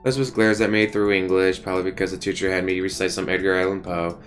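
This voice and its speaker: A man streaming a visual novel, reading the text aloud in a casual way with quick asides. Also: sits low, flat delivery, faint music behind. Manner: casual, reads every part, quick asides.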